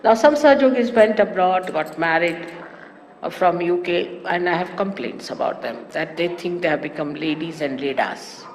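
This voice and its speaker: A woman giving a spiritual talk to followers, animated and teasing with amused asides. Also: lowish voice, normal speed. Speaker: spiritual teacher. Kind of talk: sermon-style spiritual talk. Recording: echoey hall with faint hiss, archive 1989 tape.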